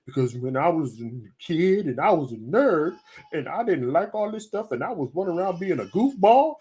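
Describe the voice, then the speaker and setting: Speaking to camera, a video commentator delivers a heated, emphatic personal rant, repeating points for emphasis and telling stories with acted-out quotes. His voice is medium-pitched and dark, with big pitch swings, at a normal speed.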